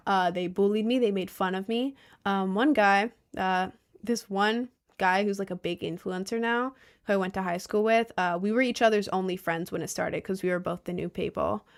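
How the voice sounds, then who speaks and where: Young woman, casual vlogger, animated storyteller, mid-pitched voice. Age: young adult, about 20. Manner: chatty, animated storytelling, mocking quoted voices. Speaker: content creator. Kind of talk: casual chat to viewers.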